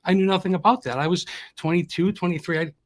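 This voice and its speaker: A man's voice: high voice, fairly even intonation, fast talker. A man in his thirties from Massachusetts, a podcast guest telling his personal story in an earnest, reflective way. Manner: earnest, reflective, with frequent restarts.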